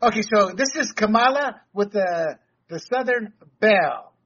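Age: adult. Sex: man. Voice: high, husky. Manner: laughing, digressive. Role: host. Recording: muffled. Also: animated, moderate pace, a bit bright. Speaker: podcast host. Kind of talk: casual chat.

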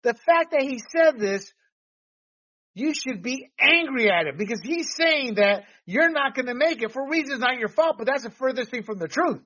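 A man hosting a political commentary podcast, talking in an animated, rambling way with restarts and laughs. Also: very high-pitched, normal speed. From Latino background. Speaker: podcast host. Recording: dull lo-fi sound.

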